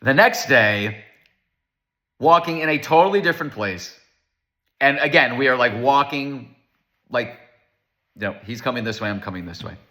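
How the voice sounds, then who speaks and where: A man giving a casual Torah lecture, animated and storytelling, acting out the voices of the people in his stories. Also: medium pitch, normal speed, long pauses.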